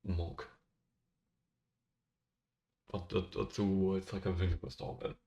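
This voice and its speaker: A young man with a deep voice that crackles with fry. He rambles through jokey, offhand commentary and swears freely. He speaks close to a microphone in his own bedroom. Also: flat delivery, a little slow, warm tone. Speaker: tier-list video host. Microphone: desk microphone.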